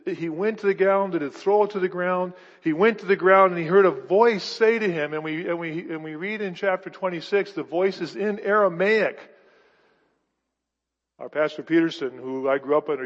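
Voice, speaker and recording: A male pastor preaching a sermon, emphatic and full of restarts, with sudden swings between loud and soft delivery. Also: fairly high pitch, moderate pace. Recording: dull, echoey hall recording.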